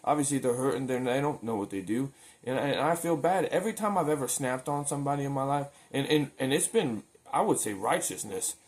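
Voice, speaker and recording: A man's voice: mid-range voice, lively intonation, a little fast. Earnest man preaching casually to camera. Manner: earnest, repeats words and restarts, informal slang. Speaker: religious video maker.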